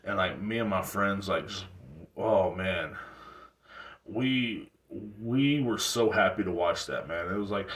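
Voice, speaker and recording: A man's voice: low voice, measured pace, a bit bright. A man in his thirties hosting a talk show, ranting casually in loose, slangy, profane talk with rambling restarts. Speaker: show host. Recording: roomy sound from a distant mic.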